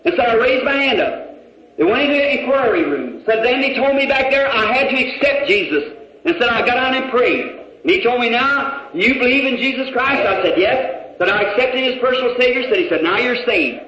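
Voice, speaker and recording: High bright preacher in an echoey hall. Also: male voice, expressive, brisk. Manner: folksy, retells a conversation with rising shouts. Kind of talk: sermon storytelling. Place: church hall with congregation. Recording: echoey, dull old hall recording.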